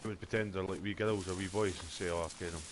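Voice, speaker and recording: A Scottish man streams a game and chats casually, rambling and swearing with lots of fillers. His voice is low-pitched and steady, he talks fast, and the background is noisy.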